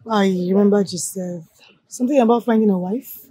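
Woman as hesitant young woman, hushed and mellow. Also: mid-range voice, fairly quick, slightly rough, natural voice. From Nigeria. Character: guarded young woman hiding her flaws.

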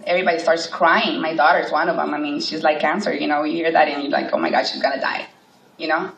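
A woman's voice: deep voice, fairly even intonation, fast, vocal fry, fairly bright tone, muffled recording. Emotional woman telling her story in an echoey hall. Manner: emotional, acts out quoted voices. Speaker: cancer survivor speaking at a charity event. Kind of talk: personal story told to an audience. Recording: echoey hall from far off, faint noise.

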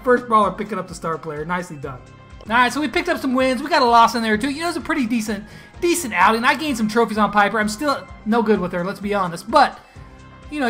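A man giving casual, excitable commentary on his own mobile game matches, teasing opponents and laughing at big plays. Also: high-pitched. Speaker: gaming YouTuber. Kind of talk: gameplay commentary.

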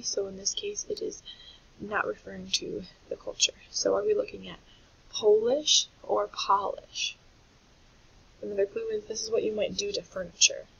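A woman teaching a recorded phonics lesson to young children, explaining patiently and clearly. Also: mid-range voice, a bit bright. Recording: dull lo-fi audio with faint hiss.

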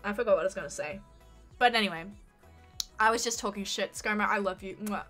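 A woman's voice: medium pitch, fast, pushed and bright, soft background music. A young Australian woman from Queensland, rambling and swearing as she chats casually with her live-stream audience. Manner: rambling, swearing, jokey, frequent laughs. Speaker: livestreamer.

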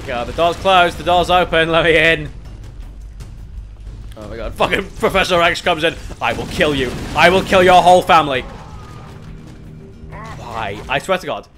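A man streaming a video game, exasperated, swearing and yelling at enemies. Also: fairly high pitch, expressive, moderate pace, soft background music. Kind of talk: gaming commentary.

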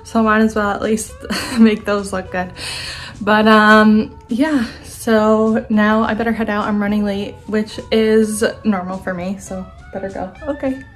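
A woman's voice: mid-range voice, steady tone, measured pace, soft background music, rough recording. A young woman, a nurse, chatting casually in a vlog at home and laughing often. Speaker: travel nurse vlogger. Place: home living room.

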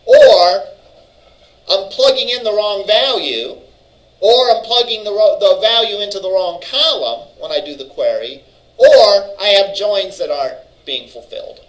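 Man, college instructor, classroom lecture, fairly high voice, conversational, thinks aloud. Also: lively intonation, measured pace, a bit bright, poor audio. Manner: conversational, checks in with "all right?"; thinks aloud with fillers and restarts.

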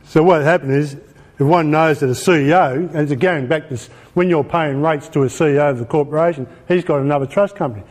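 Australian male presenter, slightly high-pitched, emphatic and colloquial, informal lecture delivery. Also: fairly quick, darkish tone. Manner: emphatic, colloquial, rhetorical questions.

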